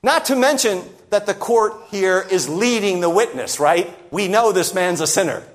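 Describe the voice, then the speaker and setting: A man preaching a sermon, talking straight to his listeners and acting out the voices in the story he tells. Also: normal speed. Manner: animated, sweeping pitch and loudness, acts out quoted voices.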